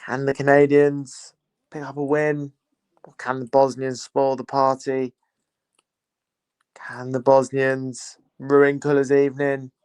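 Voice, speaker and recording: A young man hosts a live football watchalong, chatting casually and teasing his viewers in chatty banter. His medium-pitched voice is monotone, slow, smooth and somewhat dark, captured in a dry recording.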